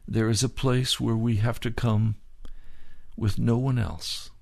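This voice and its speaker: An older man preaching a sermon as pastor, earnest and pleading, with slow drawn-out phrases. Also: medium pitch, steady tone, vocal fry.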